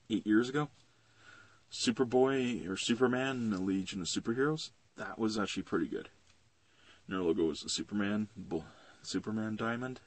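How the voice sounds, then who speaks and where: A young man rambles through a comic book review, profane and loose, with a low, slightly husky voice. The recording is close and dry. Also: darkish tone, dry recording. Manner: rambling and profane, with many fillers.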